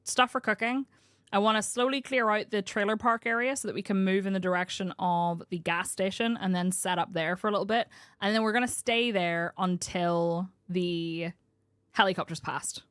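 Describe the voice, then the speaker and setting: Streaming a survival game, a young Northern Irish variety streamer chats and rambles with plenty of laughter. Her voice sits lowish with a fairly bright tone, captured in studio quality with no echo, in casual live-stream commentary.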